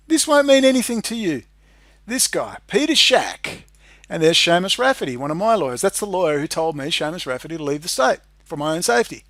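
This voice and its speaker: An Australian man rants straight at the camera in a high, keyed-up voice. He swears constantly and lurches between sullen muttering and loud outbursts. The sound is close and dry, with no room around it. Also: very animated, brisk, no room sound. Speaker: independent video maker. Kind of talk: angry ranting monologue.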